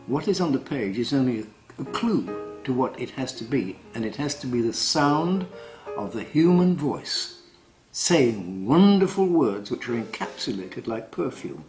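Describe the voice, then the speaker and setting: A man's voice: mid-range voice, rough recording. Theatrical British man with RP accent. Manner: theatrical, emphatic, reciting lines with swings from loud to hushed. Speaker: stage actor. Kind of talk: archival interview clip, explaining verse.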